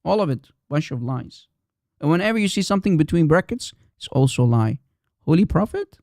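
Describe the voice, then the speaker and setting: A man's voice: fairly high pitch, lively intonation, a little fast, darkish tone, no echo, studio quality. A man hosting a live stream, arguing in a combative, repetitive way and firing challenges at his audience. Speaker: livestream host. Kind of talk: heated live-stream polemic.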